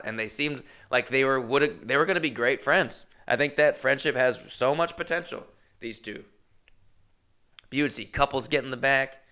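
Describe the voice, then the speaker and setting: A young man hosting his own show, telling comic stories in an animated, chatty, jokey way. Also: medium pitch. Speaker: comedian host. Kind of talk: comedic storytelling monologue.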